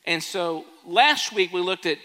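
A man's voice: sits high, expressive, unhurried, pushed and bright. A man preaching a sermon as pastor in a church, telling a story and asking the congregation questions. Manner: storytelling, asks the crowd questions. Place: church sanctuary. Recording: long church reverb.

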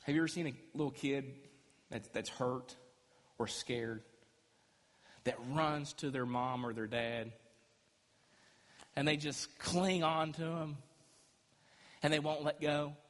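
A man preaching a sermon as pastor, emphatic and swinging between loud and quiet. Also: fairly high pitch, takes it slowly, pauses often. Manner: emphatic preaching, rising and dropping loudness. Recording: echoey hall with long reverb.

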